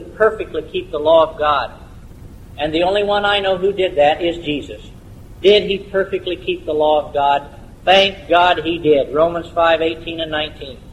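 A man preaching a sermon, building to emphatic peaks on key words and slowing down to drive points home. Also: high-pitched, a little hiss or hum, rough recording.

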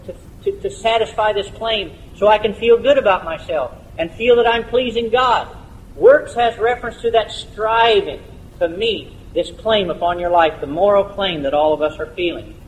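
A man preaching a sermon, building to emphatic peaks on key words and slowing down to drive points home. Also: sits high, slight background noise, rough recording.

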